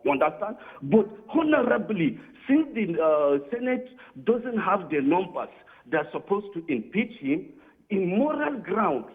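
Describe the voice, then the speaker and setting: A man's voice: high-pitched, big pitch swings, unhurried, husky. A man calling into a TV debate show, giving his view and repeatedly asking "you understand?". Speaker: caller. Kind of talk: phone-in comment. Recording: tinny phone line.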